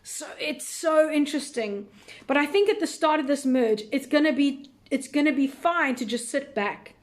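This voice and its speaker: Female host, a touch high-pitched, casual live Q&A, rambling and unsure. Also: normal speed. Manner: thinking aloud, many fillers, unsure and chatty. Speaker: recap show host answering viewer questions.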